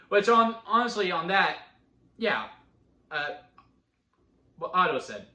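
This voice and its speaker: A man at home casually recapping a TV episode, rambling with quick restarts and bursts of laughter. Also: high-pitched, wildly swooping pitch, pushed and bright, echoey room. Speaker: TV episode reviewer. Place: at home with a dog.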